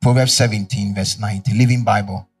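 A man's voice: fairly low pitch, fairly even intonation, fairly quick, distant mic, faint music behind. A Ghanaian man preaching a sermon as pastor, leading his congregation in call-and-response with fill-in-the-blank questions.

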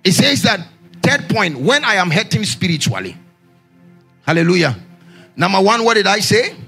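A high, bright-voiced male pastor preaching in a sing-song, call-and-response style. His tone is rough and raspy with a gravelly edge, and his pitch leaps up and down as he shouts questions to the church. Faint music plays behind him. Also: sing-song, moderate pace.

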